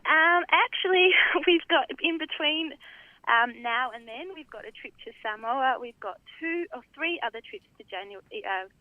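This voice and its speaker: A woman's voice: sits high, lively intonation, normal speed, no echo. A woman, interviewed on the phone, talking in a chatty way with many ums. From Australia. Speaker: guest on phone. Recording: tinny phone line.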